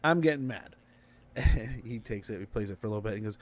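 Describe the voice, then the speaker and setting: A man's voice: lowish voice, fast talker. A man streaming a strategy game, giving casual commentary and rambling through a story with lots of fillers.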